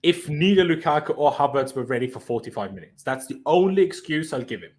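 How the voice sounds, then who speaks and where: A man's voice: on the high side, animated. A man hosting a casual online fan panel, chatting and passing questions to his guests over a video call. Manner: fast, chatty, hands the floor to others. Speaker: host of a fan reaction panel.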